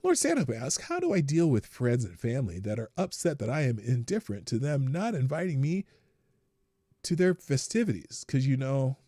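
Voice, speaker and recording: A man's voice: wildly swooping pitch, moderate pace, no room sound, studio quality. A man hosting a live stream, reading viewer questions and answering them in a blunt, profane, joking way, often laughing at himself. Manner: profane, blunt, laughs at his own jokes, swings from low mutter to loud outbursts. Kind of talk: casual unscripted chat.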